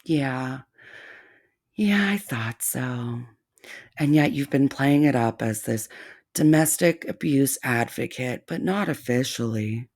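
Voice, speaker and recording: A man hosting a reaction commentary, speaking in a sarcastic, mocking way with deliberate, drawn-out phrasing. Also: mid-range voice, animated, darkish tone. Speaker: commentary channel host.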